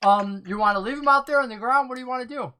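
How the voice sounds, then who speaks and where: An excitable game master describes the action in a tabletop game, voice sitting right in the middle of the range. The delivery is loose and chatty, peppered with ums and quick laughs. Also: mid-range voice, a loud crowd. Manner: excitable, laughs often, fillers like um and whatnot.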